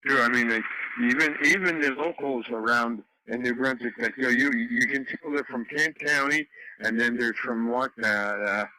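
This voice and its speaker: A man's voice: mid-range voice, moderate pace, pushed and bright, rough recording. A man from Canada telling rambling stories in a casual chat over a radio net, full of fillers and restarts. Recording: radio audio with faint noise.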